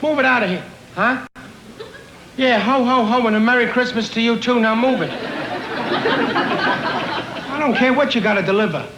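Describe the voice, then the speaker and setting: A man's voice: very high voice, normal speed, pauses often, pitched above the performer's own voice. A man playing a bossy, sarcastic city traffic cop in a comedy sketch, barking orders at a driver. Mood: impatient. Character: gruff male city traffic cop, impatient. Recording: noisy, roomy old 1970s TV recording with audience.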